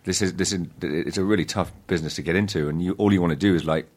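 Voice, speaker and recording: Man, very low voice, casual interview chat, halting speech, self-deprecating, frequent restarts. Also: steady tone, a little mellow, slightly rough. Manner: laughs between thoughts. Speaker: actor guest.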